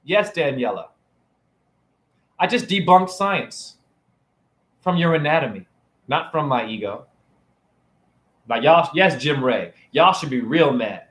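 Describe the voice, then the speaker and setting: Filmed on a phone camera, a man live-streams to his chat as a self-styled spiritual teacher, preachy and taunting, firing off rhetorical questions and repeatedly asking "right?". His voice sits on the high side with lively intonation, slow delivery, long pauses and a slightly bright tone.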